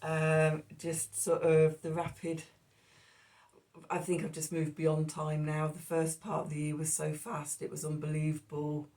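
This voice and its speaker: A woman's voice: low voice, completely flat delivery, unhurried, dark tone. Woman, tarot reader, rambling casual talk, coughing, slightly distant mic. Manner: rambling, self-interrupting, with fillers. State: coughing, hoarse.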